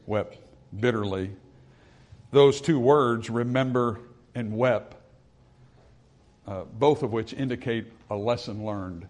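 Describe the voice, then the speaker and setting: A man preaching a sermon to his congregation in an earnest voice. He rises for emphasis and then drops low and quiet. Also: takes it slowly, long pauses. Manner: reads scripture in old-style phrasing.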